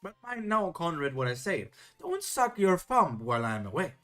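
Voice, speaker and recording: A woman's voice: on the low side, very animated, moderate pace, soft background music. Playful woman reading rhymes theatrically. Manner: playful, theatrical, jokey asides. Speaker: streamer. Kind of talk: reading old children's rhymes aloud with comments.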